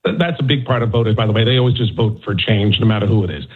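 A man's voice: fairly low pitch, very fast, slightly rough. Man analyzing politics over a tinny phone line. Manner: conversational, frequent fillers and restarts. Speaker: national correspondent.

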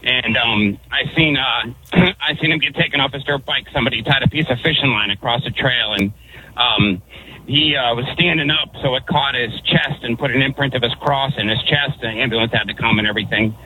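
A man from Connecticut calling into a radio show, rambling through a story with many pauses and restarts. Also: mid-range voice, bright, forceful tone, a little hiss or hum, low-quality recording. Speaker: caller. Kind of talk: phone-in storytelling.

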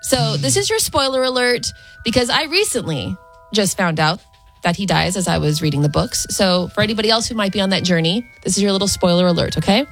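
A woman co-hosting a morning radio show from a studio, chatty and excitable as she tells stories. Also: medium pitch, fairly quick, soft background music. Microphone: studio microphone.

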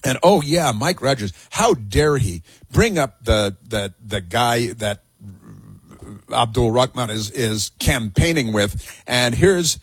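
Man, talk radio host, husky voice, sarcastic and mocking, rambling, dry close sound. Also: mid-range voice, expressive, slow, no room sound. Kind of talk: opinionated talk radio monologue.

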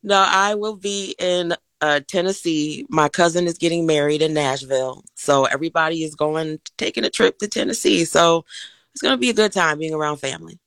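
A woman's voice: deep voice, brisk, a bit bright, clear, resonant tone, no room sound. Cheerful woman presenting a morning segment. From Chicago suburbs. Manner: cheerful, laughs often. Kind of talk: casual morning show banter.

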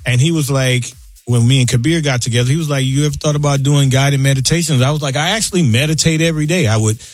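A man's voice: medium pitch, quick pace, no echo. Laid-back man in his fifties. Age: 50s. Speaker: guest musician. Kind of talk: relaxed interview chat.

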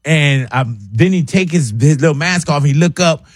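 Husky-voiced man telling a story. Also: fairly high pitch, normal speed, no echo, studio quality. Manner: storytelling, animated, laughs often. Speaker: podcast host. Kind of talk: casual chat.

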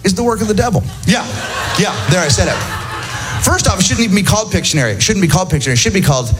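Ranting stand-up comic with music. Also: male voice, high-pitched, animated, very fast. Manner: ranting, incredulous storytelling. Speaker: stand-up comedian. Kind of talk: stand-up comedy set.

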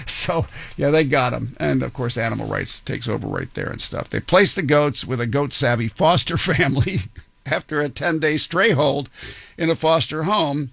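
A man's voice: on the high side, normal speed, vocal fry, a bit bright. A man hosts a radio morning show from the studio, joking his way through quirky news with a slightly raised voice. He laughs often as he talks and trips over words, restarting them. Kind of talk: casual on-air banter and news reading.

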